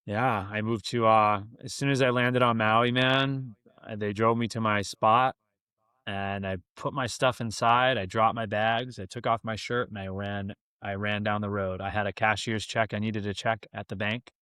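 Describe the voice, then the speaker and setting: A young man telling a story in a casual, animated way, full of slang like "man" and "dude". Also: fairly low pitch, moderate pace, clear, resonant tone, dry recording, studio quality. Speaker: guest.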